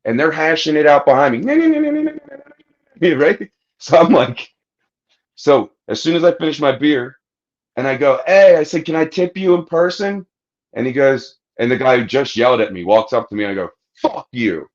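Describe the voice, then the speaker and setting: A man's voice: on the high side, normal speed, dull audio. A man on a podcast telling a long story in casual chat, swearing freely and acting out what people said. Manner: profane, animated anecdote-telling, acting out quotes. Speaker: podcast host.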